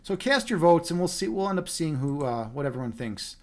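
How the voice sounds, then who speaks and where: Male streamer, high voice, rambly casual chat and read-aloud with viewers. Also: lively intonation, a little fast, darkish tone. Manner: rambling, repeats words, answers chat. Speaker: livestreamer.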